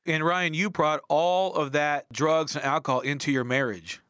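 A man's voice: on the high side, fairly even intonation, moderate pace, a bit bright, smooth, no echo, studio quality. A man hosting a Christian interview, recapping the guest's story and asking leading questions. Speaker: interview host.

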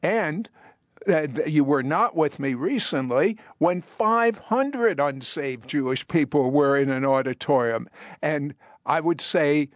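Older male host, bright and persuasive. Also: expressive, slow, no room sound, studio quality. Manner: enthusiastic, persuasive pitchman. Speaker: TV talk show host. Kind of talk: hosting a Christian TV show with product pitch.

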